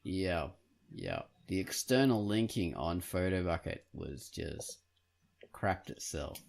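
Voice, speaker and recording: A man's voice: deep voice, gravelly. A man hosting a casual podcast interview, teasing the guest and hesitating often. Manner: unhurried, lively and teasing, with lots of hesitations. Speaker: podcast host.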